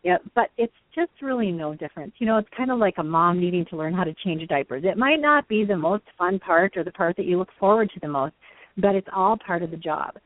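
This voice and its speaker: A woman's voice: lowish voice, lively intonation, a little fast, no echo. A woman hosting a speaker-training talk, explaining points with enthusiasm and frequent laughs. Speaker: host. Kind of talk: conversational teaching on a call-in show. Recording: dry tinny phone line.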